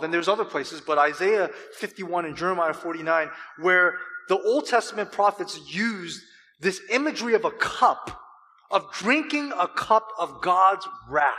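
Male pastor, high bright voice, sermon in a reverberant hall, dramatic swells. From California. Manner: impassioned preaching with dramatic pauses and swells.

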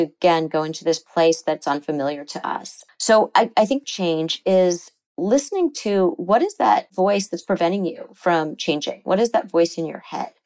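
A woman psychotherapist speaks as an interview guest, lively and explanatory. Her voice sits on the low side, and she often acts out the voices she quotes. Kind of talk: conversational interview.

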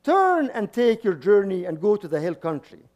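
High-voiced priest preaching, halting restarts. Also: male voice, sing-song, darkish tone, highs cut off. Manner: frequent restarts and repeated words, chuckling asides. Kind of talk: sermon.

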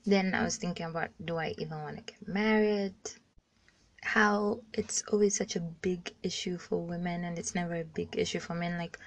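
A woman's voice: fairly low pitch, fairly even intonation, moderate pace. A young woman in her twenties from Zambia telling a frank personal story in a casual voice message, talking bluntly, swearing freely and using "like" as a filler often. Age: 20s. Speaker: caller sharing a story. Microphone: phone voice message.

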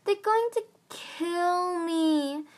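A woman voicing a timid young male dragon who whines in slow, drawn-out pleas. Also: very high-pitched, voice pushed up, full character voice. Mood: whiny. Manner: whining, drawn-out pleading.

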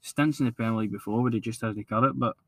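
A man co-hosting a football podcast, giving measured opinions in casual chat. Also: mid-range voice, a bit bright, no room sound. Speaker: podcast co-host.

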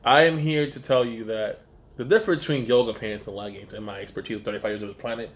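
A man's voice: mid-range voice, steady tone, quick pace, voice pushed down, lightly acted. A man playing a mock-formal self-styled expert, giving a jokey announcement. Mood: mock-serious.

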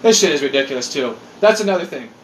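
A man in his forties rants in casual chat, profane and exasperated. His pitch swings all over the place. The room around him sounds roomy and echoey. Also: expressive, quick pace, slight background noise.

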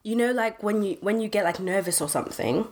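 A woman's voice: mid-range voice, fairly quick, a little mellow, a little hiss or hum. A young woman, co-hosting a podcast and explaining things emphatically with slang. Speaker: podcast co-host. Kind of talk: casual podcast chat.

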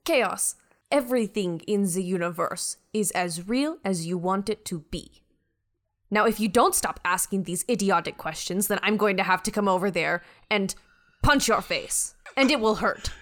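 A woman's voice: mid-range voice, expressive, measured pace. Beth, a woman voicing a smug ship computer. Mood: imperious. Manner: imperious, threatening, boastful. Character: haughty female ship computer, menacing and smug.

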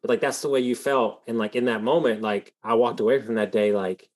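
A man's voice: medium pitch, fairly even intonation, brisk. A man hosting a podcast and telling a long, rambling story in a casual way, full of fillers. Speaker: podcast host. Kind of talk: conversational storytelling.

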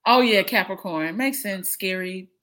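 A woman in her thirties chatting casually over a video call, blunt, profane and animated, often laughing. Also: mid-range voice, a little slow. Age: 30s. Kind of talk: casual chat.

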